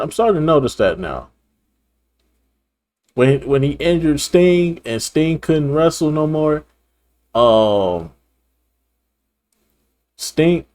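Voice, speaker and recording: A man's voice: fairly high pitch, a little mellow. A man hosting a reaction video, talking bluntly and profanely in casual commentary, laughing and repeating himself.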